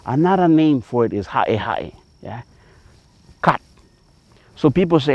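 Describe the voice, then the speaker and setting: A man's voice: mid-range voice, big pitch swings, measured pace, no echo. Hawaiian pidgin guy teaching on a farm, folksy and emphatic, dry dull sound. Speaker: farmer. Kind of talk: outdoor teaching talk. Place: outdoors on a taro farm.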